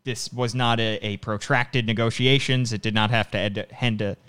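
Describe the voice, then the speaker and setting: Male podcast co-host, brisk and rambling, clean resonant tone. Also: medium pitch, steady tone, a bit bright, clear, resonant tone. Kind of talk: casual sports podcast chat.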